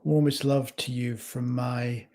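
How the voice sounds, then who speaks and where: A man speaking as a life coach in a slow, measured reflective talk, recorded in his home kitchen. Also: medium pitch, flat delivery, dark tone.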